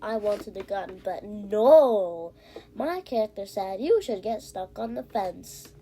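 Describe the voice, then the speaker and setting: A woman giving casual, rambling commentary while she plays a game, breathing heavily and getting excited easily. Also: medium pitch, measured pace, slightly rough. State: heavy breathing. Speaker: gamer. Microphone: iPad.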